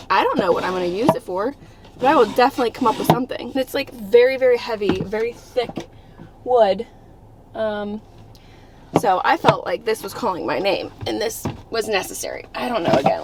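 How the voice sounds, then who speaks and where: Chatty young woman vlogging on her phone, a bit high, lots of background hiss. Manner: chatty, upbeat, full of "like" and "you know". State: out of breath. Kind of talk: casual vlog chat.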